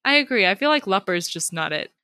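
A woman's voice: medium pitch, big pitch swings, fast talker, sharp tone, clear, resonant tone, no echo, studio quality. A young woman, a teacher, chatting casually about a book on a review podcast, upbeat and full of "like" fillers.

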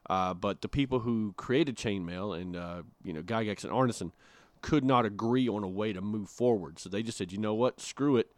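A man's voice: on the low side, moderate pace, dry recording. A man co-hosting a podcast in casual, joking chat, with frequent filler words. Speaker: podcast co-host.

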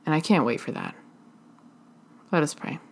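A woman giving a sermon in a slow, halting, earnest way, pausing often between phrases. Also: low voice, expressive, gravelly, husky. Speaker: preacher.

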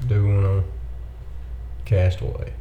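A man's voice: low voice, monotone, slow pace. A man co-hosting a casual movie commentary chat, making brief, enthusiastic interjections. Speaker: podcast co-host. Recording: slightly dull, echoey room with faint noise.

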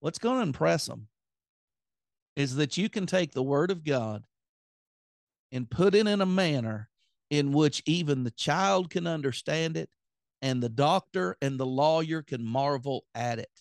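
A man's voice: a little high, expressive, unhurried, gravelly, dry recording, clean studio sound. A man with a Southern accent preaching an earnest, plain-spoken sermon on his podcast.

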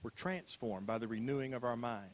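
A man's voice: mid-range voice, fairly quick. An older man preaching a sermon as a pastor, talking in a conversational way, repeating phrases and asking rhetorical questions.

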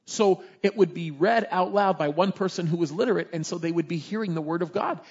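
A man preaching a sermon, telling Bible stories in an animated way and acting out the characters. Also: high-pitched, a little fast, breathy edge, muffled recording. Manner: animated storytelling, voices characters in the tale.

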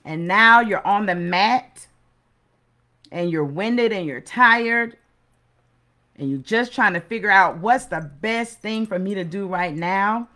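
A woman's voice: mid-range voice, slow, pushed and bright. Middle-aged woman giving a pep talk, earnest and preachy, keeps repeating herself for emphasis. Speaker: host of a motivational segment. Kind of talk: motivational talk.

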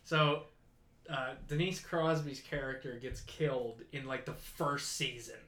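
A man co-hosting a casual podcast chat, rambling and breaking into loud, disbelieving outbursts. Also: mid-range voice, a little slow. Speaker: podcast co-host. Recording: echoey room.

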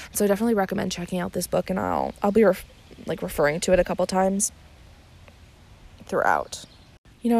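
Chatty young woman with a gravelly low voice. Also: a little mellow. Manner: chatty, rambling, with many fillers and restarts. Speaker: podcast host. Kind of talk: casual solo podcast.

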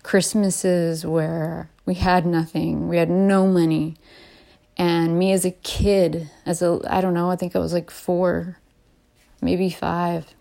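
A woman in her late thirties talking in a casual, heartfelt and rambling way as a vlogger, often laughing softly between restarts. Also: on the low side, level tone, takes it slowly, gravelly. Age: late 30s. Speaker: vlogger and podcaster. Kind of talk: casual heartfelt personal talk.

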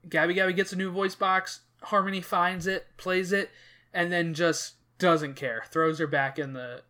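A man chats casually on a podcast, retelling a film's plot with plenty of fillers and restarts. His voice is bright and sits a little high for a man. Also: steady tone, moderate pace. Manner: rambling, many fillers and restarts, emotional retelling. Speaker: podcast host. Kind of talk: casual chat recapping a movie.

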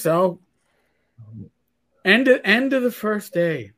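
A man from New York hosting a casual podcast chat, stumbling through restarts as he tells animated stories. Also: high voice, slow pace. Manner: stammering restarts, animated storytelling. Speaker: podcast host.

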